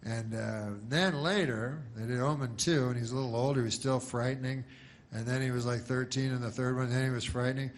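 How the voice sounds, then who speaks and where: A male stand-up comedian telling jokes in a deadpan, rambling way, full of restarts and filler. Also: medium pitch, fast.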